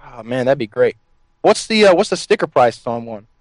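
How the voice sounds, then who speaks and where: A man hosting a show, making a prank phone call in a sly, deadpan, teasing manner. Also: mid-range voice, moderate pace, no room sound.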